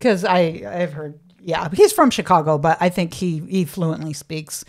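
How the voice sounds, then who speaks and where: A woman's voice: lowish voice, unhurried. A woman from Missouri co-hosting a comedy podcast, chatting along agreeably and laughing often. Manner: chatty, agreeable, giggly asides. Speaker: podcast co-host. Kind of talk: casual comedic chat.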